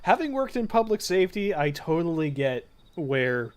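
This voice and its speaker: A man's voice: a little high, sing-song, moderate pace. A man chatting casually and swearing freely while streaming a video game. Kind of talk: casual gameplay commentary.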